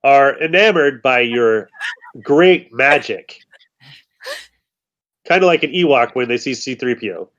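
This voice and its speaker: A man's voice: medium pitch, expressive, a little slow, long pauses, a bit bright, lo-fi sound. A man narrating a tabletop game as game master, in a loose, joking way.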